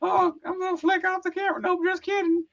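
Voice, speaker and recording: Man doing a squeaky goofy young guy. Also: little pitch movement, fast, a bit bright, dull audio. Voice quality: squeaky falsetto. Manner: playful, mocking impression of a friend. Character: goofy high-pitched young man, cheerful.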